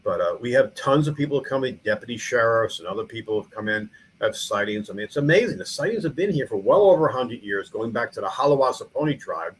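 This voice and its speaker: With a quick pace and lively intonation, a middle-aged New Yorker rambles through his podcast interview, restarting frequently and leaning on fillers. A museum founder and small-town mayor, he has a medium-pitched voice, captured on a rough recording with slight background noise.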